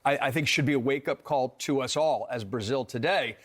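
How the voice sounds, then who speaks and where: A man giving measured political commentary as a guest on a televised news show, with small restarts. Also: mid-range voice.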